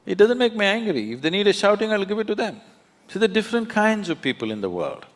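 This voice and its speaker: A man's voice: high voice, very animated, fast. A man, a spiritual teacher speaking emphatically onstage, often laughing as he tells stories. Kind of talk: onstage conversation. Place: large auditorium.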